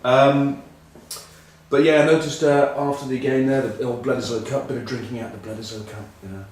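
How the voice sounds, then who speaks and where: A man's voice: mid-range voice, steady tone, fairly quick, darkish tone, very echoey, recorded from a distance, low-quality recording. A middle-aged English man telling rambling, self-mocking rugby stories in casual chat. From England. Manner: rambling, self-mocking anecdotes with many ums. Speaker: rugby pundit.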